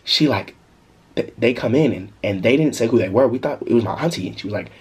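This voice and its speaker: A young man telling a story casually in a vlog, animated and slangy, breaking into laughter. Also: medium pitch, fast talker, husky. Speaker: vlogger.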